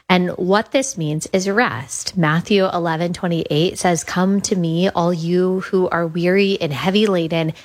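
Earnest woman podcast host, slightly low voice. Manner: earnest, enthusiastic, repeats words for emphasis. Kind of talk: casual monologue about her app.

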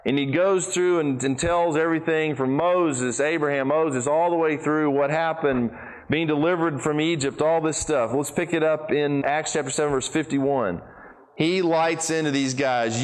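A man preaching a sermon, retelling a scripture story with animated emphasis, swinging between excited high bursts and low, quiet asides. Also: moderate pace, poor audio.

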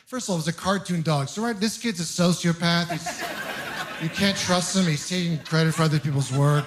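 Male stand-up comedian, thirties, from Ontario, high voice, storytelling with acted-out voices. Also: a little fast, fairly bright tone. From Ontario, Canada.

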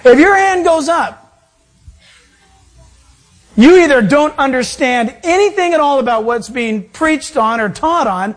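A man's voice: very high-pitched, animated, a little slow, long pauses. A male pastor and Bible teacher delivering a sermon, preaching emphatically with repeated phrases and rising emphasis.

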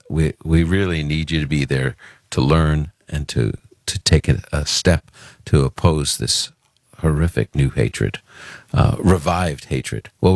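A man's voice: rumbling low, dry recording, clean studio sound. A man from Brooklyn hosting a call-in radio show, talking earnestly and conversationally with fillers and restarts. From Brooklyn, New York. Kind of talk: casual radio talk.

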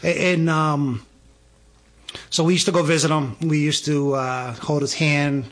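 A man's voice: on the high side, fairly even intonation, unhurried, a bit bright. A man, a guest telling a personal story with lots of energy, stammering restarts and acted-out dialogue. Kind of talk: animated storytelling.

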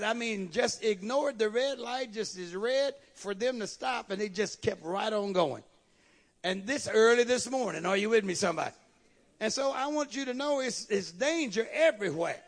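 A male pastor preaching a sermon, calling out to the congregation and building to shouted passages. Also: sits high. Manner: call-and-response preaching, rising to shouts.

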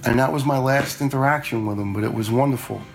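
A man's voice: mid-range voice, quick pace, creaky, soft background music. A blunt man in his forties, a retired fire lieutenant, telling stories casually and quoting himself along the way. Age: 40s. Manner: blunt, quotes himself in anecdotes. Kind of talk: casual storytelling.

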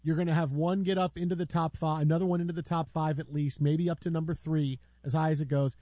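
A man hosting a sports radio talk show, emphatic and animated, repeating phrases for effect. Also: fairly high pitch, quick pace, dry recording.

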